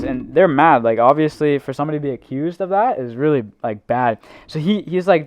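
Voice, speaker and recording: A man's voice: mid-range voice, moderate pace, smooth, no echo, muffled recording. A young man co-hosting a casual podcast, rambling through a story with lots of fillers. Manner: rambling storytelling, heavy use of like and um. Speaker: podcast co-host. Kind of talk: casual chat.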